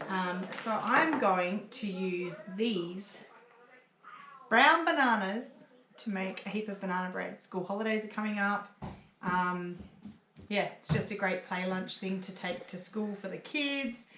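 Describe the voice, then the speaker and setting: An Australian woman vlogging casually from her farm, chatting about her animals and cooing softly to them. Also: medium pitch, measured pace, background noise. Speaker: homesteading vlogger. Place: farm yard with animals, outdoors.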